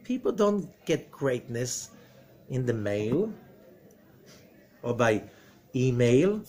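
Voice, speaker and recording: A middle-aged man, a rabbi giving a spoken lesson, animated, with rhetorical questions and sudden swings between loud emphatic bursts and low quiet passages. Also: drawn-out words, pauses often. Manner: rhetorical questions and acted-out quotes. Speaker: rabbi and Zohar teacher.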